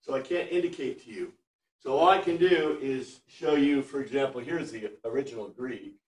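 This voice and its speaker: A man teaching a Bible class, chatty and animated, reading Greek phrases word by word for his students. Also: mid-range voice, normal speed. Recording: echoey room, far from mic.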